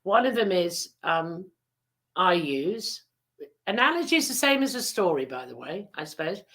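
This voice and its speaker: A woman's voice: fairly low pitch, big pitch swings, moderate pace, fairly bright tone. Chatty teasing woman host. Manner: chatty, teasing, rambling with many fillers. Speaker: podcast host. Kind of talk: casual chat and storytelling.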